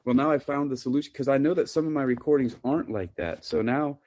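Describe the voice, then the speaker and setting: A man with a deep voice hosting a casual chat, talking into his phone in a relaxed, laid-back way. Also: fast. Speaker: host. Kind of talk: casual chat on a live audio app. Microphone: phone microphone.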